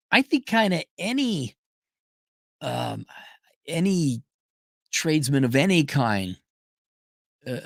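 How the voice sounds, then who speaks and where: In studio-quality audio free of room sound, a middle-aged man hosting a livestream responds to viewers with blunt opinions. He swears, leans hard on emphasis and lets his pitch jump animatedly.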